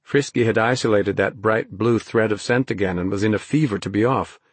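Male audiobook narrator, husky, low, steady telling, dry booth sound. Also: a little fast, no echo. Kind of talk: scripted narration.

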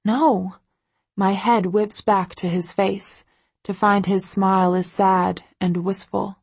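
A woman reads a first-person novel aloud in an intimate, emotive tone. Her delivery is slow and unhurried, her voice soft and breathy, recorded dry and close. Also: medium pitch, little pitch movement, no echo. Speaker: audiobook narrator. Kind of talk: first-person audiobook narration.

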